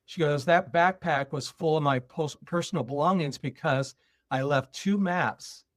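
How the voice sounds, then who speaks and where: A man with a slightly raised pitch tells a personal story on a podcast. He acts out the remembered conversation line by line, shifting between the voices. The sound is close and dry, with no room around it. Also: unhurried, no room sound. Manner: animated retelling, acting out both sides of a dialogue. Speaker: guest speaker.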